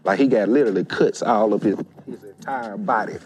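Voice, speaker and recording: A guest storyteller with a lowish voice tells a story at a brisk clip. His casual delivery is animated, and he acts out the voices of the people he quotes.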